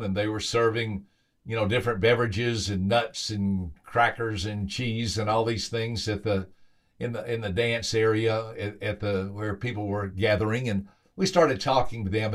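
A man hosting a podcast, telling a motivational story with emphatic, repeated phrases. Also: lowish voice. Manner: acts out quoted voices with lively lifts. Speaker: podcast host and motivational speaker.

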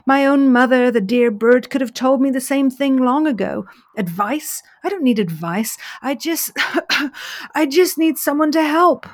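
A woman's voice: sits high, moderate pace, hardly any pauses, voice pushed up, lightly acted. A woman voicing a brave, scorched little female parrot who coughs and speaks defiantly.

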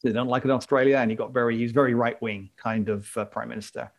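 Male co-host, gravelly, casual and joking, rambles through the chat. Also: mid-range voice, fairly even intonation, quick pace. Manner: joking, rambling, laughs often. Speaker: podcast co-host.

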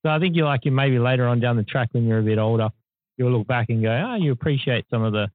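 A man hosting a casual podcast chat, rambling and thinking out loud. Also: mid-range voice, fast, dry recording. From Australia. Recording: dry, phone-like sound.

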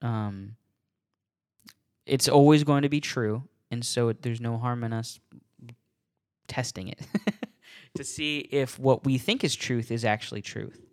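A man talks through a solo podcast on faith in a relaxed, unscripted way. He chuckles between thoughts and trips over and repeats his words, while staying earnest about his points. His voice sits at an everyday middle pitch. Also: unhurried, pauses often, smooth. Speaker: podcast host.

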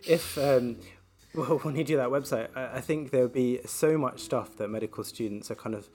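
A man's voice: mid-range voice, normal speed, a little mellow. A man, a doctor, talking casually in a conversational way with frequent fillers. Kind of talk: casual podcast chat.

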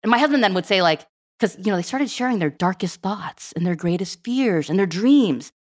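A woman's voice: mid-range voice, lively intonation, fairly quick. A woman in her forties, a podcast guest, telling personal stories animatedly and acting out family dialogue. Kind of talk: storytelling in a podcast interview.

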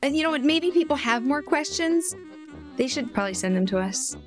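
A middle-aged woman co-hosting a casual podcast as a matchmaker, chatty and quick to laugh, acting out quotes as she talks. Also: high-pitched, expressive, soft background music.

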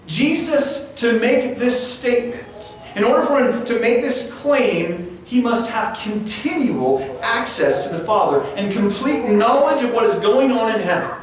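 A man's voice: very high-pitched, animated, unhurried, hardly any pauses. A man preaching a sermon as pastor, earnest, often restarting and stumbling over his words. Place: church sanctuary. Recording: echoey church room, distant mic, faint noise.

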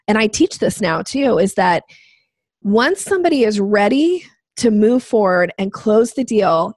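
An animated woman in her fifties, telling a story from her sales days with quick, lively energy. Her voice sounds dry and close, with no room echo around it. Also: mid-range voice. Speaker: guest. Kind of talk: storytelling in a podcast interview.

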